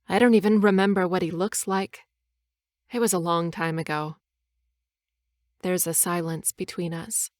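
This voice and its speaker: A woman narrating an audiobook in the first person, soft, measured and earnest. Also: on the low side, steady tone, dry recording, clean studio sound.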